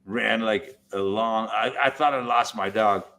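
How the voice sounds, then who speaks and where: A man in casual chat, telling a rambling story, swearing heavily and talking with animated energy. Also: on the low side, measured pace. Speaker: podcast host.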